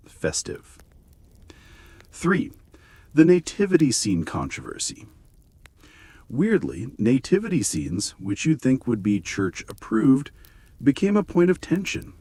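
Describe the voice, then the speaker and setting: A man reading a scripted bedtime history story with wry, gently sarcastic humor. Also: mid-range voice, very animated, unhurried, dry recording. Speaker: narrator.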